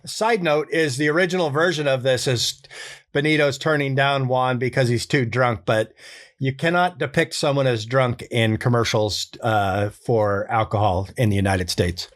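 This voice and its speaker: A man recording his own character voices and calmly explaining his process, relaxed, thinking aloud and amused at himself. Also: medium pitch, normal speed. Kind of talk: casual behind-the-scenes explanation.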